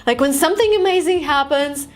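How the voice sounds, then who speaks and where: Fairly high-voiced woman, chatty english lesson, acts out big reactions. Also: fairly quick, soft background music. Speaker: language vlogger teaching English phrases. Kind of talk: casual video lesson. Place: lives in San Francisco.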